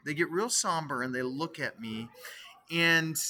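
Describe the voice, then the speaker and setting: A middle-aged man teaching theology, telling a family story in his lecture in an animated way and putting questions to his listeners. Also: a little high, measured pace, slight background noise.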